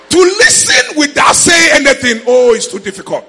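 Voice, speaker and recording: A man with a Ghanaian accent preaching a sermon in church, shouting in a sing-song way with sudden high cries. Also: big pitch swings, moderate pace, vocal fry. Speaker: pastor.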